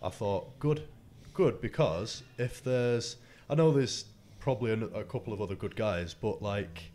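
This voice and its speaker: A man's voice: lowish voice, lively intonation, a little slow, darkish tone. A man hosting a casual podcast chat, rambling through stories and swearing freely. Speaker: host.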